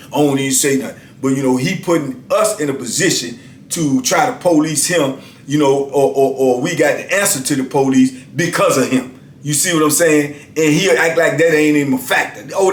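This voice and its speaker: A man in his fifties telling a story casually, animated and emphatic, often checking in with the listener. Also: on the high side, a little hiss or hum. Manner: animated, emphatic, repeats "you know what I'm saying". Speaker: storyteller host. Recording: roomy echo.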